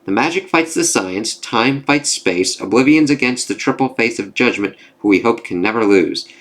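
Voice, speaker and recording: A man reading the verses of a rhyming male storyteller god from a comic, reciting them in measured rhyme. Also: medium pitch, animated, a bit bright, close to an everyday voice. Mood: solemn.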